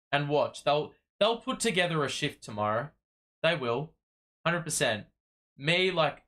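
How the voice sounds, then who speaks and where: A man at mid pitch, talking on a fan livestream. His delivery is casual and weary, with a frustrated edge. He rambles and restarts his sentences as he goes. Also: fairly bright tone. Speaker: sports watch-party livestream host.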